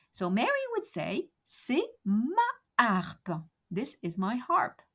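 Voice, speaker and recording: A woman teaching a beginner lesson, saying example phrases slowly and carefully. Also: mid-range voice. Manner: slow, careful over-enunciated example phrases. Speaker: French teacher.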